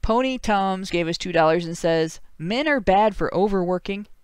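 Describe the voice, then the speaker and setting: A man's voice: high voice, moderate pace, clear, resonant tone, no echo, studio quality. A man with a Northern Ohio accent hosting a livestream talk show, reading out viewer donations with sardonic, chuckling asides. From Ohio, USA.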